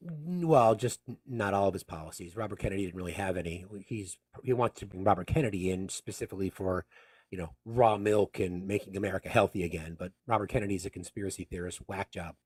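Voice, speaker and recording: A man's voice: sits low, fast, darkish tone, husky, no echo, studio quality. A man hosting a live political call-in show, talking to callers in a blunt, emphatic, heated way. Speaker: host.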